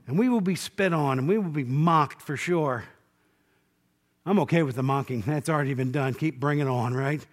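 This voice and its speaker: A male preacher giving an informal Bible class sermon, talking conversationally, asking the class questions and acting out quotes, dropping to a low, quiet voice on key points.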